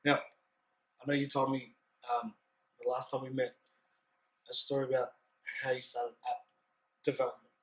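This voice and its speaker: A man's voice: mid-range voice, flat delivery, moderate pace, long pauses, rough recording. A man hosting a business podcast, prompting his guest with casual, hesitant questions. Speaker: podcast host. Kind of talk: casual interview chat.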